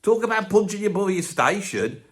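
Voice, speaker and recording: A man's voice: high voice, big pitch swings, normal speed, slightly rough, exaggerated voice. A man playing a grumpy older man from Birmingham with a Birmingham accent, ranting bluntly and swearing in a comic monologue. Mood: grumbling rant. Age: 70s. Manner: blunt, grumbling, swears constantly. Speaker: comic character.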